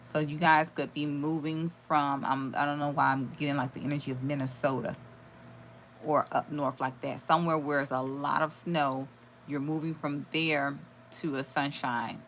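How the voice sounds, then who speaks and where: A woman's voice: sits low, level tone, moderate pace, fairly bright tone, a little hiss or hum. A woman giving a live tarot reading, channeling messages aloud with sudden exclamations and blunt swearing. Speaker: tarot reader.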